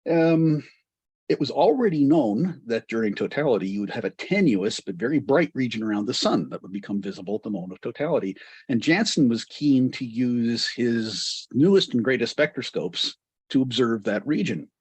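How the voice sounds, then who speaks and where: A man's voice: mid-range voice, animated, normal speed, a little mellow, breathy edge, no room sound. A man giving an astronomy history lecture to a club, digressive and full of wry asides.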